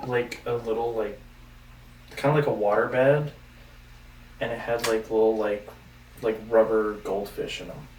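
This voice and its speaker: A man's voice: lowish voice, fairly even intonation, unhurried, long pauses, far from the mic, crowd noise. A man riffing goofy ideas in a casual talk show chat, hesitant and full of fillers. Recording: roomy sound from off mic.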